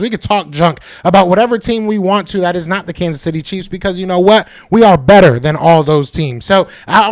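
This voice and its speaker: A male podcast host talking to his live chat, hyped and emphatic, repeating himself, with a voice that is going hoarse. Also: high voice. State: losing his voice, coughing. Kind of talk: live-stream fan talk to chat.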